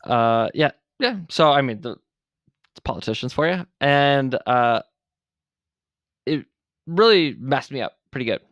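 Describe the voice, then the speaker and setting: A man in his forties from Buffalo, New York, speaking as a podcast guest. He tells his story candidly and with animation, and swears freely. His voice sits at an ordinary middle pitch, and the sound is dry and close. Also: a little slow, pauses often, no echo, highs cut off. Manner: blunt and profane, animated retelling. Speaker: podcast guest, veteran entrepreneur.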